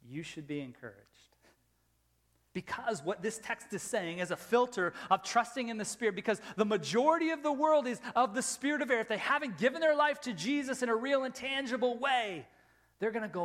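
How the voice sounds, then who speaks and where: Middle-aged male pastor, high voice, emphatic sermon delivery with loud and hushed swings, long hall reverb. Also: lively intonation, a little fast. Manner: emphatic, swings from loud rising questions to soft low asides. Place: church sanctuary.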